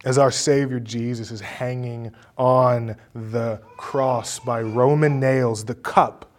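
Slow, dramatic male preacher. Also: mid-range voice, steady tone. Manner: dramatic storytelling, swinging from hushed to forceful. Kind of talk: sermon.

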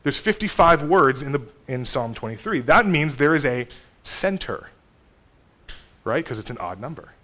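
A pastor in his thirties giving a conversational sermon, with sudden swings between loud emphasis and soft asides. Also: mid-range voice, very animated, moderate pace.

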